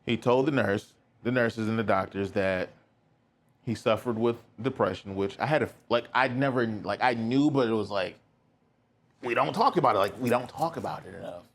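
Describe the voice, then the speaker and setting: A man's voice: mid-range voice, moderate pace. A young man hosting a podcast, telling a personal story in a candid, rambling way with lots of filler words. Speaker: podcast host.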